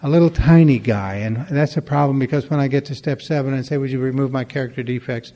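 A man's voice: medium pitch, quick pace, mellow, big-room sound. A man giving a storytelling talk at a recovery meeting, conversational and wry, acting out the dialogue in his stories.

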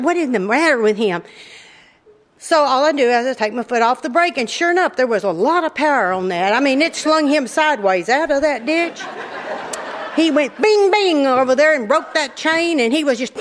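A middle-aged woman with a high voice tells an audience a funny story from her own life. She's lively, laughs often and has a drawling, folksy delivery. There's a little hiss or hum on the recording.

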